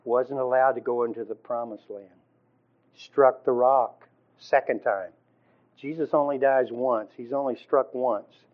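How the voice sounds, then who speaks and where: A male Bible teacher delivers a conversational sermon in an informal, halting way, full of fillers, restarts, and frequent throat clearing. His voice has an ordinary middle pitch and fairly even intonation. The recording is dull, muffled, and lo-fi.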